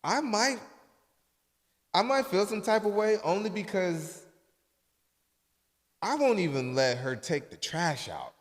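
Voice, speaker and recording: A man hosting a podcast, telling stories in a loose, profane, casual way that often drops soft and low. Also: sing-song, takes it slowly, pauses often, long reverb tail. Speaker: podcast host.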